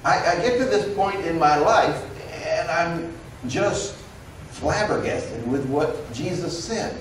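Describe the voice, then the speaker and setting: A pastor preaches in a church sanctuary, telling stories conversationally and animatedly while acting out the quoted voices of his characters. His slightly high voice moves slowly and is picked up from a distance. Heavy echo fills the room along with a faint hum of noise.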